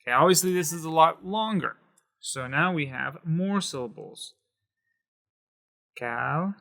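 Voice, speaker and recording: A man explaining Spanish accent marks in a patient whiteboard lesson, slowing down to stress syllables. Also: on the high side, lively intonation, gravelly, sharp tone. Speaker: Spanish teacher.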